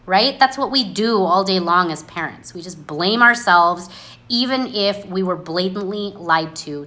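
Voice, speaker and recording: A woman's voice: lowish voice, sharp tone. A woman hosting a casual livestream monologue, talking bluntly and sarcastically without apology. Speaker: livestream host. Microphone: phone.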